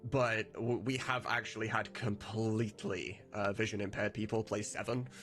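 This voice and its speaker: A man's voice: on the low side, steady tone, moderate pace, fairly bright tone, faint music behind. A man who hosts a live stream and creates mods, explaining his plans in casual chat with restarts and chuckles. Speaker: mod creator, host.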